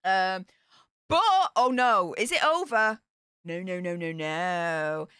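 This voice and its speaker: A British woman giving scornful live-stream commentary in an excitable voice that swings between shrieks and mutters. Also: lowish voice, slow pace, clear, resonant tone, no echo, clean studio sound. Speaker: royal news commentator.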